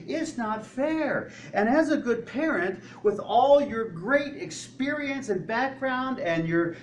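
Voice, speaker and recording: A man's voice: sits high, roomy sound, recorded from a distance, a little hiss or hum, low-quality recording. A man preaching a sermon as a pastor. He asks the congregation questions and acts out quoted voices.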